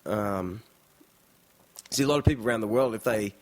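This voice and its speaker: A man's voice: on the low side, normal speed. A man with an Australian accent chatting casually and rambling in a vlog. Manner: chatty, rambling, full of fillers and impressions. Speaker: vlogger.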